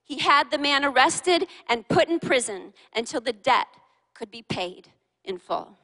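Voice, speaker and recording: A woman preacher with a high voice leads a lively sermon, throwing questions at her congregation and joking with them. Her tone is bright and sharp. A long reverb from the large hall trails behind every word. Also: measured pace. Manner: animated, fires questions at the congregation and teases them. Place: large church hall with a live and online congregation.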